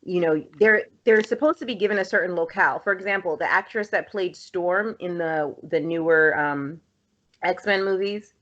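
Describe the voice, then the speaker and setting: A woman co-hosting a casual podcast chat, animated and talkative. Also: fairly low pitch, normal speed. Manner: animated, talkative, laughs easily. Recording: slightly dull lo-fi audio.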